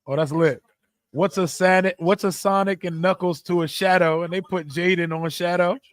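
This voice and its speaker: A young man hosting a live sports watch party stream, reacting excitedly and answering chat with big swings between shouting and mumbling. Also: sits high, normal speed, no echo, clean studio sound.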